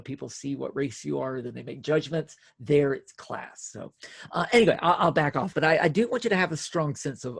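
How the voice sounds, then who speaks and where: Man, history lecturer, gravel in the voice, mid-range pitch, dry close sound, loose conversational delivery with restarts. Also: no echo. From United States. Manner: conversational, many fillers and restarts, emphatic on key terms. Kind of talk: recorded lecture, casual spoken delivery.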